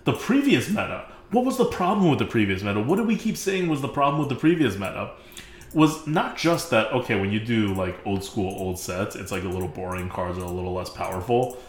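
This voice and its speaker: A man's voice: lowish voice, expressive, brisk, roomy sound. A man co-hosting a casual game podcast, talking emphatically and acting out mock quotes. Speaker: podcast co-host.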